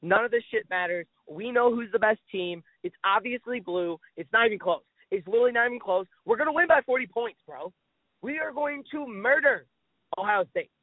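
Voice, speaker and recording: Male sports podcast co-host, high voice, casual and worked up, swears a lot; tinny phone-quality audio. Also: a little fast, no room sound. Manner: excitable, exasperated, swears often. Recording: tinny phone-like dry sound.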